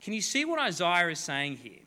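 A man preaches a sermon to a congregation in a large hall, reading scripture and explaining it with playful, joking asides. His high-sitting voice is pushed and bright, with huge pitch swings at a moderate pace. A long hall reverb surrounds the recording.

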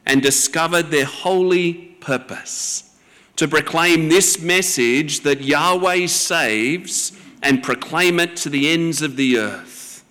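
A man preaching a sermon as the pastor, slow and deliberate, with measured pauses between phrases. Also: fairly high pitch, fairly bright tone, in a large hall.

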